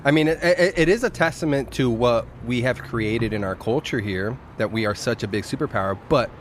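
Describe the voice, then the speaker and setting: A man's voice: mid-range voice, fairly quick, a little hiss or hum. A man hosting a podcast, musing thoughtfully in a casual conversation. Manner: reflective, muses on life and culture. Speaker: podcast host. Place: outdoor restaurant patio at night.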